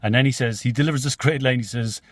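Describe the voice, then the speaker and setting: A man's voice: medium pitch, fast, dry recording. A man casually retelling film scenes, rambling with many fillers and swearing. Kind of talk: casual storytelling.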